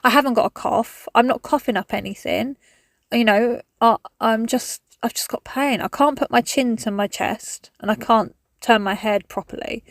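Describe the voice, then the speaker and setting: A woman's voice: fairly high pitch, moderate pace, no room sound, studio quality. A woman in her thirties with an English accent, chatting frankly and swearing casually as she talks through cleaning her cupboards. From England. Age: 30s. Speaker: cleaning vlogger. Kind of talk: chatty voice-over while cleaning.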